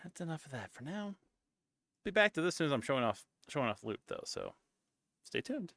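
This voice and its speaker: A man's voice: on the high side, big pitch swings, brisk, gravelly, fairly bright tone, no room sound, clean studio sound. A man streaming as a VTuber, chatting casually in a playful, teasing way.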